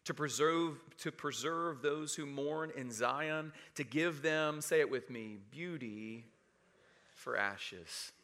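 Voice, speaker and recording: A man preaching a sermon, calling on the congregation to say verses with him, swinging from loud emphasis to hushed quiet. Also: a little high, slow pace. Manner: preaching with rising emphasis and audience call-and-response. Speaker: pastor.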